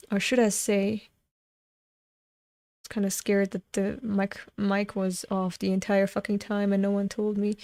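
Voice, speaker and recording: Slow, unhurried woman reading a comic aloud. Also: medium pitch, darkish tone, no room sound, clean studio sound. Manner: reads all parts herself, breaks off to gush and laugh. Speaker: webcomic reader.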